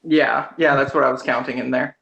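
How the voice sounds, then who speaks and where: A man's voice: mid-range voice, steady tone, brisk, gravelly, pushed and bright, lo-fi sound. A man playing a tabletop game, speaking hesitantly with many fillers as he declares actions. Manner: hesitant, lots of uhs. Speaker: player.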